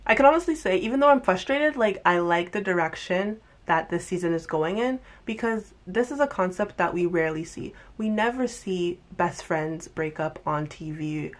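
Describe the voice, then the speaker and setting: A young woman giving a casual, animated TV recap, chatting fast and acting out lines with exaggerated voices. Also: lowish voice. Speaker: TV recap vlogger. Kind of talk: casual commentary.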